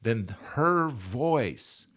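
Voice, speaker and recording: A man's voice: medium pitch, lively intonation, very slow, fairly bright tone. A man in his sixties, speaking as a podcast guest in an earnest, emphatic way and repeating his key phrases. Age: 60s. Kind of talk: conversational interview.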